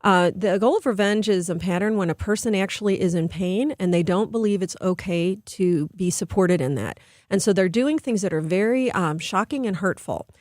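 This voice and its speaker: A middle-aged woman, appearing as a behavior expert on a radio interview, speaks earnestly into a studio mic, and the close, dry sound carries her medium-pitched, darkish voice. She talks at a normal speed with hardly any pauses, explaining her ideas carefully and shifting into livelier voices whenever she quotes someone.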